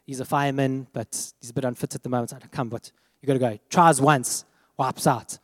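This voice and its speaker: A man telling a lively personal story as part of a sermon, acting out the voices of the people in it. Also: mid-range voice, a little fast, no room sound, clean studio sound, in a large hall. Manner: animated storytelling, acts out quoted voices. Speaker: preacher.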